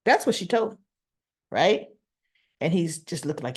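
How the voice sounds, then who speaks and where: A woman casually recapping a soap opera episode, retelling scenes in an animated way and acting out what the characters say. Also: fairly low pitch, normal speed, long pauses, husky.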